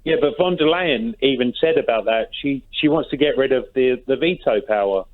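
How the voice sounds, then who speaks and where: A man's voice: medium pitch, fairly quick. A man calling in to a radio show, speaking hesitantly and defensively. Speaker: caller. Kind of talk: talk radio call. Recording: phone line.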